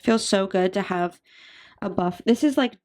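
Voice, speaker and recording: A woman's voice: mid-range voice, a little slow, darkish tone, slight background noise. A woman in her twenties chatting casually to camera as a budgeting vlogger, bubbly and talkative, with many fillers and asides, a little out of breath. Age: 20s.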